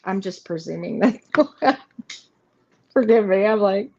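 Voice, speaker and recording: Speaking slowly in a medium-pitched, very animated voice that's gravelly, husky, and a little mellow, a woman runs a live tarot reading. She rambles through the cards in casual chat, with many fillers, talking straight to her viewers to reassure them. Faint noise sits under the slightly muffled stream audio.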